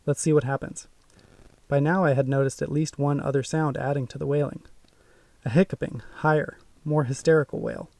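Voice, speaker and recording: A man narrating a first-person audiobook in a measured, suspenseful way. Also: a little high, fairly even intonation, a little mellow, no echo, recorded from a distance.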